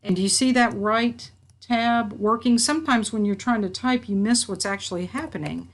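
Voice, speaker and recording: A woman instructor walking through a software tutorial, reading out each step and checking her work as she goes. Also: on the high side, normal speed, slight background noise. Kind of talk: screen-recorded software tutorial. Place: at a computer.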